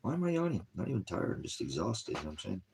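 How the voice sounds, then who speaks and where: Weary gravelly-voiced man. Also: sits low, very animated, very fast, a little mellow. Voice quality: gravelly, husky. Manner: weary, sighing, drifts between topics. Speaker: online ministry host. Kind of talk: rambling personal vlog talk.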